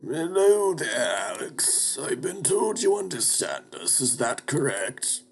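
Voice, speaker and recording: A man voicing a grand, eccentric male stranger with a pompous, drawn-out delivery. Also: fairly high pitch, sing-song, vocal fry, soft background music, voice pushed up, full character voice.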